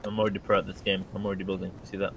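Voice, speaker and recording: A young man chatting excitedly and laughing with a friend while playing a video game. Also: sits low, very fast, gravelly, a little hiss or hum. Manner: excitable, giggly. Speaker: gamer. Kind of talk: casual gameplay chat.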